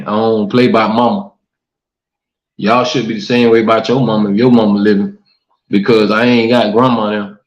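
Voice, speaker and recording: A man hosting a casual livestream talk show, reading comments and preaching earnestly to his viewers, often saying "man" and "y'all". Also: fairly low pitch. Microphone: livestream mic. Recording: echoey room, dull lo-fi stream audio.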